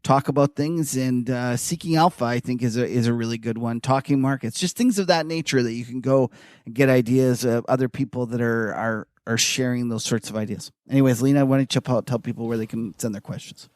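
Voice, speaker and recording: A man co-hosting a markets podcast in casual, animated chat, full of "like" fillers. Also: medium pitch, fairly quick, no echo, studio quality. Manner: animated, chatty, many "like" fillers. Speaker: podcast co-host.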